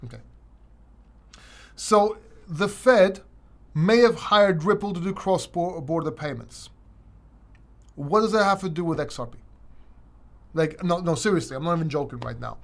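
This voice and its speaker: Casual high-voiced man rambling through a Q&A. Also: a little slow, vocal fry, long pauses. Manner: casual, rambling, frequent restarts. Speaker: crypto channel host. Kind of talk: livestream Q&A.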